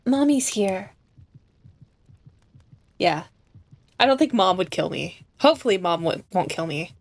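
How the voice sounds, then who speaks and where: A woman streaming a story game, reacting with giggles and excitement and reading the game's text aloud. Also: on the low side, normal speed, gravelly. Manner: giggly and excitable, with lots of fillers.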